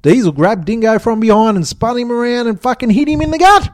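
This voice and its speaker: A man narrating a comic story in a profane, expressive way. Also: extremely high pitch, a little fast, few pauses.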